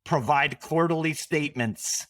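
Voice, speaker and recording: A man co-hosting a podcast, running through news items in a wry, joking way with quick asides. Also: on the high side, a bit bright, no room sound. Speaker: podcast co-host. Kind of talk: casual news chat.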